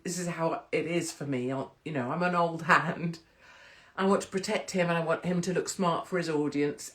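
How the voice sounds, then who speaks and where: A middle-aged English woman chats straight into her phone as host of a casual livestream. She is blunt and talkative and swears freely as she tells a story. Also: sits low. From England. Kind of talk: casual chat, livestream monologue.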